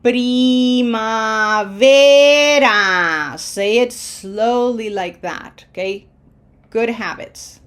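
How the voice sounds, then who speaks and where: A woman teacher walks learners through pronunciation drills at a slow, deliberate pace. She repeats syllables carefully and keeps asking whether they follow. Her pitch sits in an ordinary middle range. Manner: patient, drills syllables slowly with frequent "okay?". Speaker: Spanish teacher. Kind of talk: pronunciation lesson.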